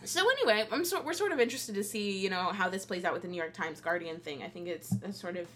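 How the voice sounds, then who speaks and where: A woman co-hosting a casual chat show, sarcastic and quick to laugh. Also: on the low side, a loud crowd. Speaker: co-host.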